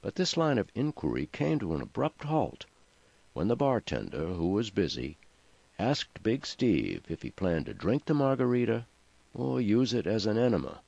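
Male audiobook narrator, deep, lively delivery, dry lo-fi sound. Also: moderate pace, vocal fry, no echo. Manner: expressive storytelling. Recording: dry, slightly muffled lo-fi recording.

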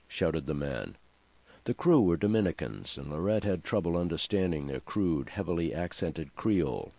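A low-voiced man narrates an audiobook, letting his pitch rise and fall freely. The recording is dry and somewhat muffled. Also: dry recording. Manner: expressive storytelling.

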